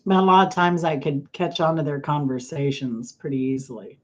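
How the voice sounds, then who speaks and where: Her low, slightly mellow voice moves at a normal speed as this livestream host casually reads viewer comments. Chatty and self-amused, she wanders, leaves sentences unfinished, and struggles with a cough and sneezes; the audio is muffled.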